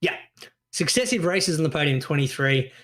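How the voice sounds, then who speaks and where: Aussie guy in his 30s, kinda high voice, rambly and sweary, casual podcast chat. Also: lively intonation, moderate pace, fairly bright tone. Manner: rambling, swears, tells stories with fillers. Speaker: podcast co-host.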